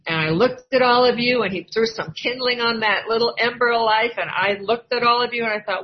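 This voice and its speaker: An older woman from Iowa gives her recovery testimony at a meeting in a fairly high voice, talking quickly with hardly any pauses. She's open about her experience and imitates the people she quotes. The recording is dull and lo-fi with faint ambience.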